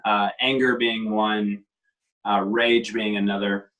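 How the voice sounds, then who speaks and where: Man, guest, reflective, hesitant pauses, casual talk. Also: on the low side, level tone, fairly bright tone, poor audio. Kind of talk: casual conversation.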